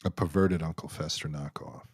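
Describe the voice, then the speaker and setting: Deep-voiced man hosting a live Q&A. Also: normal speed, creaky, darkish tone, breathy edge, dry recording. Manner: rambling and joking, many restarts. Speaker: host of a live Q&A stream. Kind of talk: casual live-stream chat reading viewer comments.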